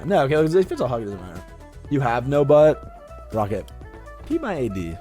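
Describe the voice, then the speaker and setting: A man's voice: mid-range voice, huge pitch swings, normal speed, mellow, soft background music. A young adult man streaming a game and telling a story in a casual, profane, rambling way. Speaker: gaming streamer. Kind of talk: casual storytelling while gaming.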